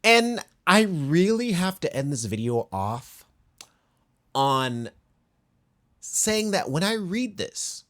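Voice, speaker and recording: A man's voice: on the high side, sing-song, takes it slowly, fairly bright tone. A man delivering video essay commentary, impassioned and blunt, with sudden emphatic rises and long read-aloud passages.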